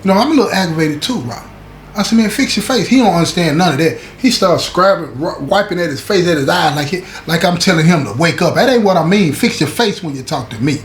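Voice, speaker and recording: A man casually telling a story from his time inside, talking in an animated, slangy way and often checking in with his listeners. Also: fairly high pitch, quick pace. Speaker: show host recounting prison stories. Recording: echoey room with faint background noise.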